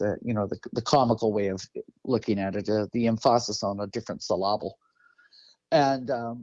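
A man's voice: mid-range voice, dark tone, dry recording. A man hosting an interview in a casual, rambling way, full of fillers and restarts. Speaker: interview host. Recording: dull, dry lo-fi audio.

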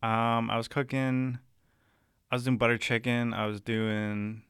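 A man's voice: mid-range voice, little pitch movement, a little slow, a bit bright, clean tone, no room sound, studio quality. A man co-hosting a casual radio chat, laid-back and rambling, with frequent use of "like".

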